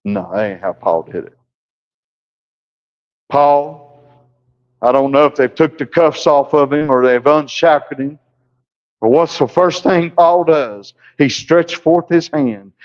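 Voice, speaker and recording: A man's voice: on the high side, measured pace. A male pastor preaching a sermon in a church, folksy and down-home, with plain asides to the congregation. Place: church sanctuary. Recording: muffled lo-fi church recording.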